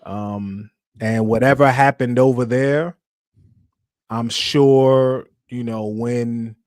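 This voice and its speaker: Chill guy on a sports pod, average pitch, dry audio, calm easy takes. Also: slow, no echo. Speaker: podcast co-host. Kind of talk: casual sports chat.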